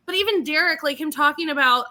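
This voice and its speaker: High, bright gushing woman. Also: fast talker. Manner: gushing and animated, laughs often. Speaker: podcast co-host. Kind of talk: casual chat.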